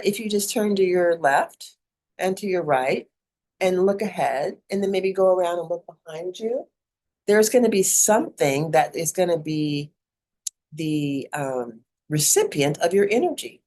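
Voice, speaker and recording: A woman's voice: lowish voice, very animated, measured pace, a little mellow. A middle-aged woman giving a casual spiritual talk as a mentor, chatty and digressive, often laughing.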